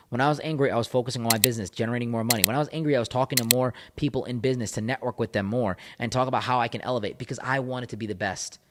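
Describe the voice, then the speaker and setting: A man speaking as a breakup coach in a motivational monologue into a microphone, emphatic and repetitive, hammering points home in short punchy phrases. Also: mid-range voice. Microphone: studio microphone.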